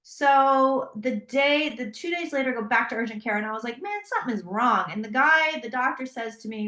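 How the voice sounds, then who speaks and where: High-voiced woman telling a story. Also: brisk, hardly any pauses. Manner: animated, quotes herself in dialogue. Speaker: guest, psychic tarot reader. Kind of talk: storytelling in a casual interview. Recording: roomy echo.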